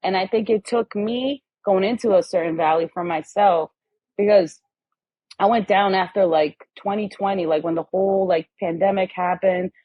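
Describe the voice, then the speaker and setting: Woman guest, husky tone, animated storyteller, dry and dull lo-fi audio. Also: medium pitch, normal speed, no room sound. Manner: animated storytelling, acting out quoted voices. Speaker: podcast guest. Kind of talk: casual conversation.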